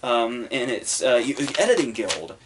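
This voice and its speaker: A man's voice: medium pitch, big pitch swings, normal speed, noisy background. A man hosting a podcast, giving casual solo commentary in a rambling, profane way full of fillers. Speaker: podcast host reviewing the Oscars.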